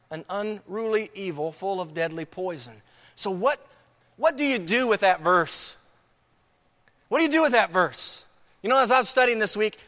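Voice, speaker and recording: Bright-voiced preacher man in an echoing hall. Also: high-pitched. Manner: emphatic, repeats key phrases, rhetorical questions. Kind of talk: sermon.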